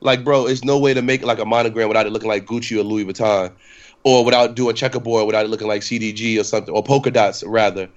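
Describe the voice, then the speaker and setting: A man's voice: fairly low pitch, steady tone, quick pace. Young male podcast host, loose ranting delivery, slightly dull recording. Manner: rambling, profane, lots of fillers and restarts. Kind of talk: casual podcast chat.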